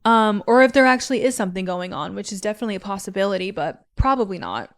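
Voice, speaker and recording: Young woman doing a solo podcast, super chatty, says like a lot, average pitch. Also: expressive, fast. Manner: candid and chatty, heavy use of "like". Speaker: podcast host. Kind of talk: casual podcast monologue.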